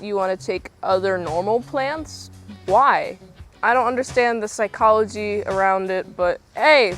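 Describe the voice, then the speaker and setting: A young woman vlogger recapping a film in a chatty, sarcastic, exasperated way. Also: mid-range voice. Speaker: movie review vlogger. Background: faint background music.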